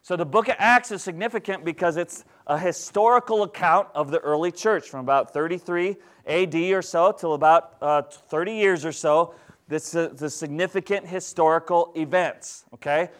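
A man preaching as pastor, teaching in a conversational, animated way and asking the congregation questions. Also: fairly high pitch, normal speed. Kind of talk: sermon.

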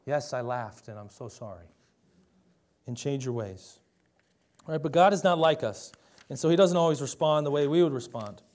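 A young adult man preaches a sermon in a mid-range, slightly mellow voice. His delivery is conversational and emphatic, and he keeps putting rhetorical questions to his listeners.

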